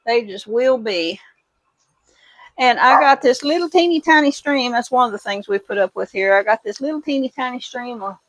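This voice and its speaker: Her voice leans high and a bit bright, captured in a rough recording with no room sound. A middle-aged homesteading vlogger, she chats over the dishes in her kitchen, folksy and rambling as she tells stories in a Midwestern accent tinged with Kentucky twang.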